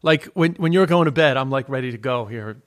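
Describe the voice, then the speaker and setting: A man's voice: medium pitch, a little fast. A man with a New York Queens accent, a stand-up comedian in casual podcast chat, talking in a loose, rambling way full of restarts. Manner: chatty, restarts with many "like"s.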